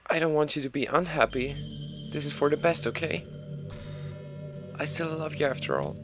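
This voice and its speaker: A man voicing a sad, pleading young woman from a video game, speaking softly and hurt. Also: a little high, moderate pace, over music, lightly acted. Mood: sorrowful.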